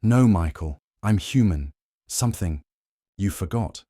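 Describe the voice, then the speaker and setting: Smug cheating wife, young, dismissive and mocking, read by a man in a deep voice. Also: animated, unhurried, dark tone, no echo, clean studio sound. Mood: scornful.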